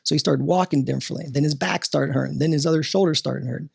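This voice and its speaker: A man talking as a podcast guest and coach, animated and motivational, often tossing in "right?" as he talks. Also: a little high, quick pace, vocal fry, slightly rough.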